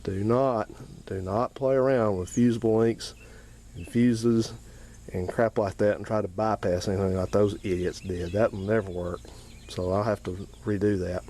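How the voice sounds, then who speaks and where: Male garage host, low-pitched, going hoarse, plain-spoken how-to delivery. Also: steady tone, normal speed, dark tone, slight background noise. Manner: plain-spoken, repeats warnings emphatically. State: getting hoarse. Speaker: home mechanic channel host. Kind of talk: casual how-to talk.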